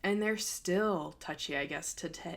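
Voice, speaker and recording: A woman's voice: fairly low pitch, measured pace. Candid young woman telling her story. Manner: candid and emotional, with many "like" and "um" fillers. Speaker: podcast host. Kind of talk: personal storytelling.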